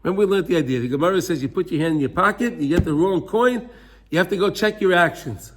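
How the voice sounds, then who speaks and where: A fast-talking man with a high voice and lively intonation teaches a Torah class over slight background noise. He earnestly unpacks the texts, mixing in Hebrew and acting out small scenes with voices.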